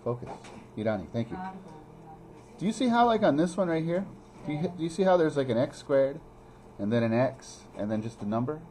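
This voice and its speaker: A man's voice: fairly quick, pauses often. A man teaching a math review lesson in a classroom, playfully teasing students and calling them by name. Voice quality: animated, pitch jumping high when teasing students. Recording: faint classroom noise.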